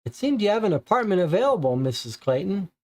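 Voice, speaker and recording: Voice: medium pitch, big pitch swings, fast, darkish tone, close to an everyday voice. A game reader voicing a young male helper of a detective, eager, in a read-aloud board game. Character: young male street lad, eager sleuth.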